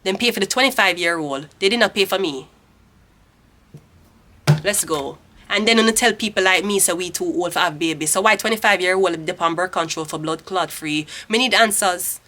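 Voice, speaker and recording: Woman, 30s, Jamaican accent, tarot reader, blunt profane rant, bright tense voice. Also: fairly low pitch, normal speed. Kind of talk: casual tarot reading.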